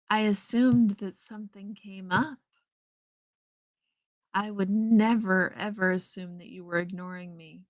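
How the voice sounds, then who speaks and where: A woman's voice: mid-range voice, fairly even intonation, measured pace, no room sound, rough recording. A woman hosting a casual livestream, chatting with viewers and answering their messages by name. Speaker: livestream host. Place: home, in front of a green screen. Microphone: headset earpiece.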